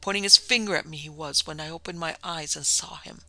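A man acting out a hulking male convict gone to pieces with fear, stammering and pleading through chattering teeth. The voice sits a touch high with a gravelly edge. It is dry and close, with a bright, forceful tone. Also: fairly quick, no echo, heavily acted. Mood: terrified.

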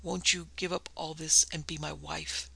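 A man reading the part of an anxious young suitor in a ghost story, speaking hoarsely and pleadingly. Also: fairly high pitch, flat delivery, normal speed, sharp tone, heavily acted, rough recording.

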